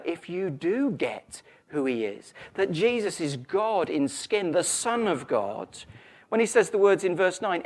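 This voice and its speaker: A man preaching in a church, his voice rising and falling with lively swings in pitch. He tells stories in a chatty, animated way, breaking off for quick asides. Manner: conversational, animated storytelling with asides. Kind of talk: sermon.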